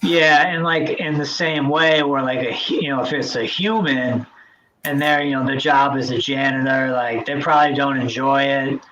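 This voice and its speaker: A man's voice: mid-range voice, steady tone, normal speed, a bit bright. Male podcast host, casual and rambling, faint hiss on a slightly dull recording. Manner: rambling, many fillers and restarts. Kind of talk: casual chat.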